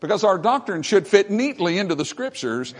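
A man's voice: high voice, big pitch swings, a little fast. A man preaching a sermon from the pulpit, emphatic and repetitive, calling out "amen" to the congregation. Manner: repeats phrases for emphasis. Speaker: pastor.

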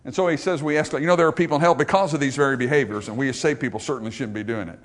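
A man preaching a sermon as a pastor at a church service, animated and full of joking asides. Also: medium pitch, rapid-fire.

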